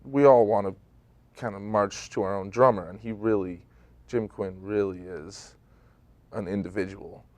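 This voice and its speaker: A man with a fairly deep voice talks easily and thoughtfully about his stage role in a studio interview. The recording is dry and close-miked. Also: fairly even intonation, normal speed, darkish tone, no echo. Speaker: stage actor. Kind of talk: local TV interview.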